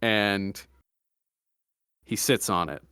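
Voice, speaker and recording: Young man, podcast host, casual storytelling, deadpan jokes, dry close sound. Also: lowish voice, very slow, clear, resonant tone, dry recording. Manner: deadpan jokey storytelling with mock-serious asides.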